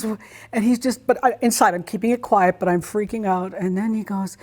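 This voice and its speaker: A middle-aged woman speaks as an interview guest, telling a personal story. Her voice sits at an ordinary pitch for a woman. She is expressive and animated, acting out her own reactions as she goes. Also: normal speed.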